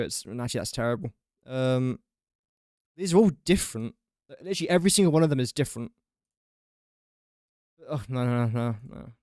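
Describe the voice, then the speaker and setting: A man's voice: medium pitch, a little mellow, dry recording, clean studio sound. A young man from England chatting casually on a gaming livestream, rambling and self-mocking as he builds. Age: young adult. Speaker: streamer.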